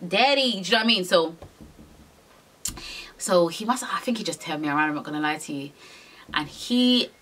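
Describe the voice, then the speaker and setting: A woman's voice: mid-range voice, a bit bright, slight background noise. A young woman telling a frank, rambling storytime to camera, swearing freely and using lots of slang. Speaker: vlogger.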